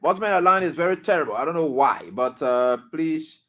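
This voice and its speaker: Liberian male call-in host, high and very animated voice, brisk, laughs a lot. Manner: brisk, laughs often, urges callers to hurry. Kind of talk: radio call-in chat. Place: radio studio.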